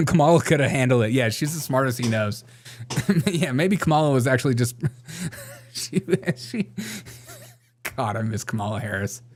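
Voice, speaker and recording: A man's voice: medium pitch, expressive, normal speed, long pauses, slight background noise. A man hosting a casual political commentary show, sarcastic and laughing often as he reads out viewer comments. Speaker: show host.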